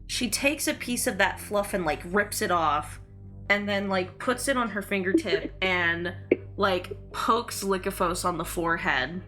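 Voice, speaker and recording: A woman's voice: mid-range voice, a little slow, pushed and bright, soft background music. A woman acting as dungeon master, narrating a tabletop game in a chatty way with lots of fillers. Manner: chatty narration full of likes and uhs.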